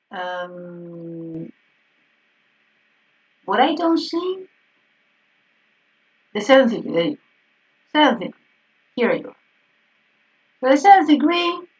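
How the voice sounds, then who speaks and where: A woman teaching a piano harmony class over a video call. She speaks animatedly and keeps checking in with "yes?" while she corrects herself. Her voice sounds distant and dull, as if heard through a laptop. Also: on the high side. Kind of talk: online class correcting exercises.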